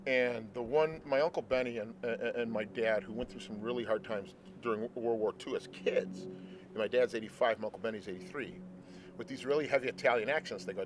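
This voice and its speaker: A man in his forties hosts an interview in an earnest, rambling way. His voice sits in a middle pitch. There is faint outdoor noise behind him. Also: fairly quick. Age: 40s. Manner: earnest and rambling, many restarts. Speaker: host. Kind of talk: casual interview chat. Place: outdoors at a ballpark.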